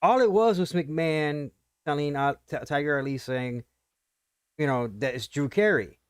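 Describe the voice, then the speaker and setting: Smooth-voiced man rambling in casual chat. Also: fairly high pitch, no echo, clean studio sound. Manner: rambling, halting, with many restarts. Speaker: podcast co-host.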